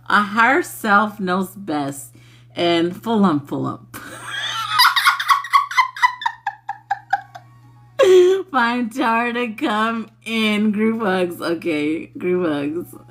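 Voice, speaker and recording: A woman's voice: medium pitch, fairly bright tone. A young adult woman hosting a spiritual livestream, chatting casually with viewers, laughing constantly and swearing freely. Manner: laughs constantly, giggly and profane.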